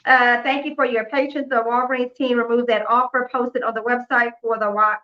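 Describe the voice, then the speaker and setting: A woman hosting a couponing live stream, telling a story in a chatty, animated way, acting out the dialogue and laughing often. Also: on the high side, moderate pace, highs cut off. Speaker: couponing livestream host. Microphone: phone or computer mic on a live stream.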